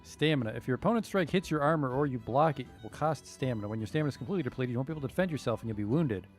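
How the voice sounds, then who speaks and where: A man's voice: mid-range voice, lively intonation, rapid-fire, soft background music. A young man giving casual, joking, profane commentary while streaming a game, sometimes reading tutorial text aloud.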